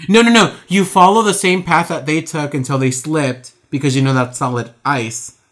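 A woman's voice: low voice, moderate pace. A woman co-hosting a podcast, chatting casually with a joking, sassy manner. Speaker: podcast co-host. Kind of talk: casual chat.

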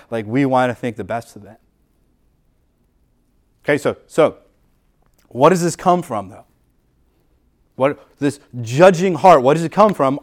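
A man preaching a sermon in a casual, conversational way, repeating words often and acting out quoted thoughts. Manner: acts out quoted inner voices with rising pitch and volume. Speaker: pastor.

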